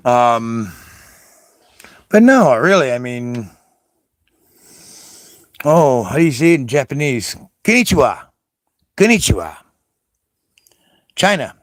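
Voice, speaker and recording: A man's voice: medium pitch, lively intonation, very slow, pauses often, dry recording, studio quality. Rambling, swearing man. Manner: rambling, swearing, hopping between foreign greetings. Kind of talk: casual rambling monologue to camera.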